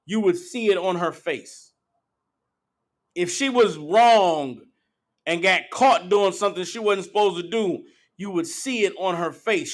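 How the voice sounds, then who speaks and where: A man preaching a blunt, profane street-style sermon, slipping into mocking impressions. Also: high voice. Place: meeting hall.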